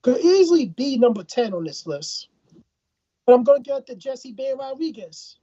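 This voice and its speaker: Woman from Ireland, boxing co-host, higher and darker-toned, husky, on a dull dry line. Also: sing-song, normal speed, dark tone, no room sound. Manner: opinionated, repeats words when thinking. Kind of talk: casual boxing talk.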